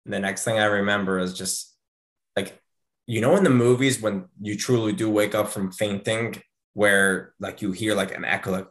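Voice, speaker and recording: A man in his thirties, a podcast host, telling a story in casual chat, animated and acting out the quotes with big jumps in pitch. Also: normal speed.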